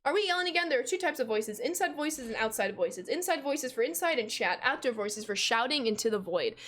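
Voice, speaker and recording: A young American woman in her twenties chats loudly on a gaming livestream, her voice sitting a little high for a woman. She talks freely and laughs easily while she reads her viewers' messages aloud. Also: lively intonation, brisk, slight background noise. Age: 20s. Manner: loud, chatty, reads chat aloud and laughs. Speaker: gaming streamer. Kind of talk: casual livestream chat while playing.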